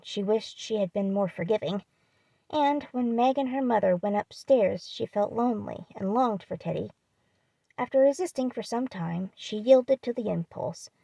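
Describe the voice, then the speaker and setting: A woman reading a classic novel aloud as an audiobook, at a steady pace, now and then correcting herself on a hard word. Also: mid-range voice, vocal fry, no echo. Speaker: audiobook narrator.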